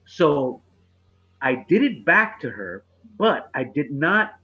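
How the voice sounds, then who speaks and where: A man, a comedian, casually telling a profane story on a podcast, getting animated and laughing through the punchline. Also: a little high, takes it slowly, breathy edge, muffled recording.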